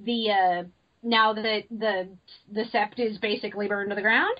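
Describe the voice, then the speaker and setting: A woman's voice: medium pitch, fairly even intonation, normal speed, dull audio. A woman co-hosting a casual podcast, talking in an enthusiastic, chatty way. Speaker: podcast co-host.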